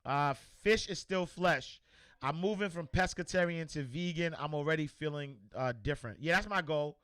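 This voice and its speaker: Casual livestream host, male, bright and crisp, loose and repetitive delivery. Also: on the high side, normal speed, no room sound. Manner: loose, repeats words, shouts out viewers. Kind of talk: casual livestream chat reading comments.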